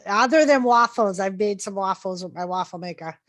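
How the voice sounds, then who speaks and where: A woman's voice: mid-range voice, brisk, fairly bright tone. A woman who hosts a wrestling show, chatting casually on an online panel about home life. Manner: chatty, homely small talk.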